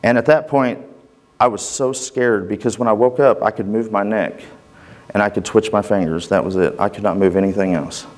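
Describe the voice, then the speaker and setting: A man's voice: fairly low pitch, normal speed, soft background music. A man giving a personal church testimony in an earnest, conversational way, acting out the dialogue as he tells it.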